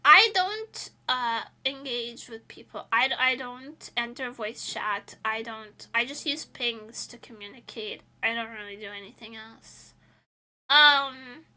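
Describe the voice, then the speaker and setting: A woman's voice: fairly high pitch, unhurried, bright, forceful tone. A woman streamer chatting casually while she draws, rambling and laughing often between thoughts.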